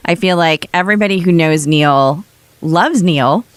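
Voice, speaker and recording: A woman's voice: on the low side, unhurried, no echo. A woman hosting a podcast, chatting casually and quoting others in a playful voice. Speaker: podcast host.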